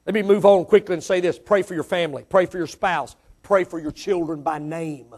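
A man preaching a sermon as pastor, with call and response and loud emphatic peaks. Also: sits high, steady tone, brisk, few pauses, husky.

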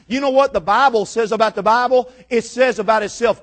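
A man preaching a sermon, moving from calm scripture reading to loud, dramatic storytelling with repeated phrases. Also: extremely high pitch, brisk. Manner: builds from calm to shouting storytelling; dramatic, repetitive preaching cadence.

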